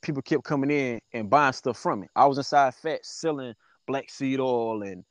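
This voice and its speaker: A man guesting on a podcast, telling a story in a loose, profane, animated way and acting out what people said. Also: medium pitch, normal speed, dry recording. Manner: profane, animated, acts out quoted dialogue. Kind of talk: casual storytelling.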